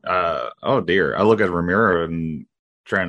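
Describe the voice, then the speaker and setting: A man's voice: low-pitched, normal speed, bright, forceful tone. A man playing a tabletop game, talking casually and agreeably about his moves. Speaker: player.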